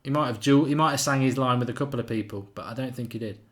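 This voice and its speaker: A man's voice: medium pitch, fast talker. A man hosting a live football watchalong, chatting casually and reading out viewer comments. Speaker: watchalong host.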